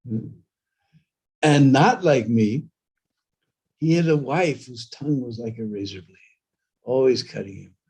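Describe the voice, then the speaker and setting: A man's voice: mid-range voice, measured pace, pauses often, a little mellow, breathy edge. A man preaching a storytelling sermon, talking conversationally and prompting listeners with "hmm?" and "huh?".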